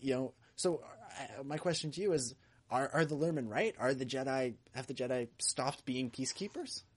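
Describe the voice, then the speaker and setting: A man's voice: medium pitch, moderate pace, breathy edge. A man co-hosting a fan podcast in casual chat, laughing often and restarting his sentences. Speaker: podcast co-host.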